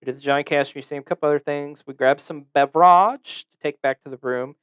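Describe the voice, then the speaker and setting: A man's voice: on the high side, quick pace, a bit bright, clear, resonant tone. A man hosting a podcast, telling a story in a casual, profane, joking way. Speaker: podcast host.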